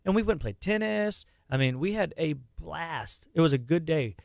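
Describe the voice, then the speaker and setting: A middle-aged man talking casually about health on a radio show, animated and quick, with many restarts and repeated words. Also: on the high side, vocal fry, dry recording, studio quality.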